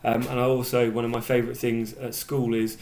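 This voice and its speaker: A man's voice: mid-range voice, flat delivery, brisk, a little mellow, slight background noise. A man who is a primary school teacher, speaking in an upbeat, enthusiastic way straight to his future pupils in a welcome video.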